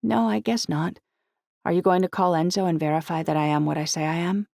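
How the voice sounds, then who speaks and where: A woman voicing a teenage girl with a rough, raspy voice, earnest and anxious. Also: lowish voice, steady tone, fairly quick, darkish tone, dry recording, voice pushed up. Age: teens. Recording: dry close audiobook recording.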